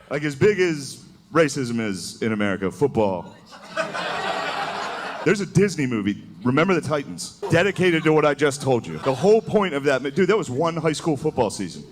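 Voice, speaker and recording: Recorded live in a club amid laughter and crowd noise, this comic speaks at normal speed with a higher, very animated voice. His stand-up is relaxed and foul-mouthed, with "dude" popping up nonstop.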